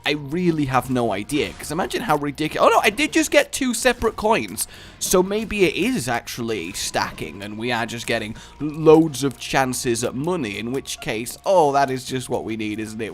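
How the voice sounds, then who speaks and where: A man's voice: mid-range voice, very animated, normal speed. A man giving casual gameplay commentary, rambling into playful tangents and jokes, with frequent stammered restarts. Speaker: video game commentator.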